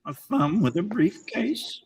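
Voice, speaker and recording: A man voicing a bored, beaten-down male office drone who speaks slowly and wearily. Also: sits high, gravelly, breathy edge, far from the mic, pitched above the performer's own voice, exaggerated voice, poor audio. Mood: weary. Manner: flat, weary, slow.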